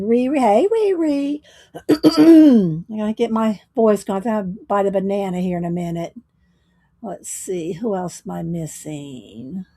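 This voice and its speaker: A woman with a mellow, mid-range voice hosts a casual livestream, greeting viewers by name. She rambles slowly, dropping in fillers and small laughs.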